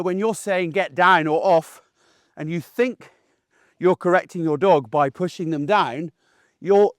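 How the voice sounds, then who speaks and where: A man, a dog trainer giving a casual, animated lesson outdoors while acting out voices. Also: sits high, dry recording, studio quality. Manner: chatty and animated, acts out the dog's and owner's voices. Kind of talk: casual instructional talk.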